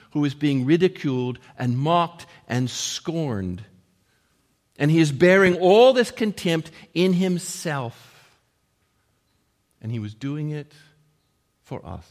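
A man preaching a sermon, earnest, raising his voice for quoted lines and dropping to a hush at the ends of points. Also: medium pitch. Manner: earnest, rising to emphatic quotes and dropping to hushed endings. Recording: long hall reverb.

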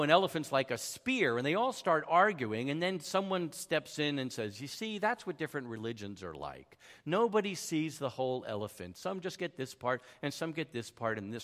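A man tells a personal story the way a preacher would, poking fun at himself and acting out the voices of the people in it. His pitch rises and falls a lot. The voice rings with the long reverb of a large hall. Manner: animated, self-deprecating, acts out quoted voices. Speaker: speaker telling a personal story. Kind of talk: sermon-style storytelling.

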